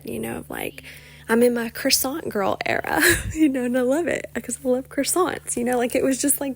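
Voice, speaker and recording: A young woman hosting a casual solo podcast, rambling with lots of "like" and "you know", sometimes dropping into soft whispery asides. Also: on the high side, vocal fry. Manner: rambling, chatty, many "like" and "you know" fillers. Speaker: podcast host.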